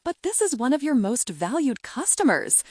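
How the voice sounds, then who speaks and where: Woman playing an eager young woman, raised pitch, lively, indignant, dry close sound. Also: measured pace, no room sound. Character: bold, excitable young woman friend.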